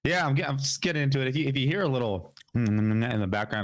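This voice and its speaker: A man's voice: mid-range voice, expressive, quick pace, no room sound, clean studio sound. A young man hosting a casual gaming podcast, a bit sick with a cough, rambling and repeating his words. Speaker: podcast host. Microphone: podcast mic.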